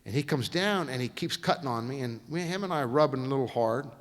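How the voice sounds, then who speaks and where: A folksy male guest speaker tells stories in a lively, swooping voice. He acts out each quote, and his voice rings through a long echoey lecture hall. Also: mid-range voice, fast talker. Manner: folksy, animated storyteller acting out quotes. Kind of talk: storytelling lecture.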